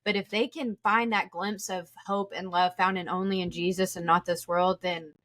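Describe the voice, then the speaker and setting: A woman's voice: on the low side, level tone, moderate pace, fairly bright tone, dry recording. Earnest christian podcast lady, encouraging, super dry close sound. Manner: encouraging, earnest, speaks of God's love and forgiveness. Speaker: podcast host. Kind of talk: faith-based podcast conversation.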